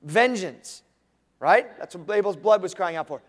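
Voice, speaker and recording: A man preaching a sermon as pastor, animated, acting out the voices he quotes. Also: high voice, normal speed. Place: church sanctuary. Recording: long reverb of a large room.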